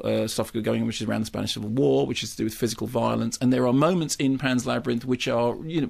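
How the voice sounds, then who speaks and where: A man reviewing a film in a radio studio. He talks animatedly, restarting sentences and repeating words as he builds an argument. His voice is mid-pitched with a gravelly fry. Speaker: film critic.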